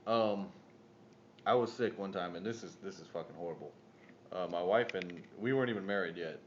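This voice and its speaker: A man with a lowish voice co-hosting a casual podcast, swearing freely as he talks. The audio is muffled and lo-fi, with a faint hiss underneath. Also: a little fast. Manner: profane, loud bursts when retelling a story. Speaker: podcast co-host.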